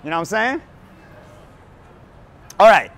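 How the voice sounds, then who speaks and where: A man's voice: high-pitched, sing-song, unhurried, a bit bright. A hungover man hosting a crude comedy podcast on a city street at night, talking in a loose, brash, joking way. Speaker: podcast host. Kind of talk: crude casual comedy chat. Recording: outdoor street with faint traffic.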